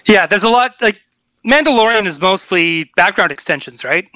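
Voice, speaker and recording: A man's voice: high-pitched, expressive, moderate pace, bright, forceful tone, dry recording. A man on a podcast panel, talking casually and tentatively with many fillers. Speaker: podcast co-host. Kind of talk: casual group chat.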